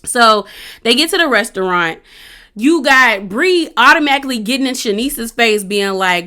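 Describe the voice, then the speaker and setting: A young woman with a fairly high, bright, sharp voice gives a casual, chatty recap of a reality show. She talks in slang and acts out what the cast said, and her retelling stays animated throughout. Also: normal speed.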